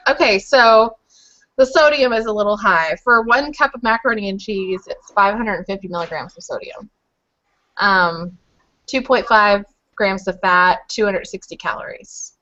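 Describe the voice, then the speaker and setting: A woman's voice: medium pitch, moderate pace, pushed and bright. Chatty woman on muffled webcam audio. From Louisville, Kentucky. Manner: chatty, rambling with many fillers. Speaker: guest on a group video call. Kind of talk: casual chat.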